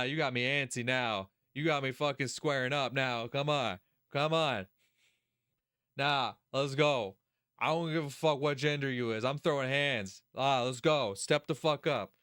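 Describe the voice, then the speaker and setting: A man's voice: medium pitch, a little slow, a bit bright, clear, resonant tone, no echo, studio quality. A young man doing a let's play of a visual novel, reading the story text aloud and breaking off into heated, profane rants at the characters. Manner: profane, heated ranting, mocking whiny put-on voices.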